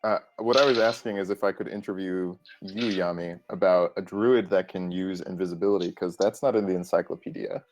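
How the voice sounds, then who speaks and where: A man's voice: sits low, fairly even intonation, fairly quick, hardly any pauses, a little mellow, slight background noise. A man playing a tabletop game, chatting in an eager, playful way. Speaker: player. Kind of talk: casual tabletop game talk.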